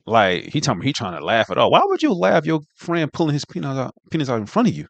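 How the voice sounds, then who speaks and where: A man's voice: medium pitch, lively intonation, fast, no room sound, muffled recording. A man co-hosting a casual commentary chat, slangy and incredulous, often asking "you know what I mean". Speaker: co-host.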